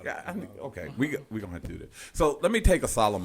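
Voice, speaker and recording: A man's voice: mid-range voice, big pitch swings, racing, vocal fry, hardly any pauses, breathy edge. A man hosting a talk radio show in a loose, joking, slangy way.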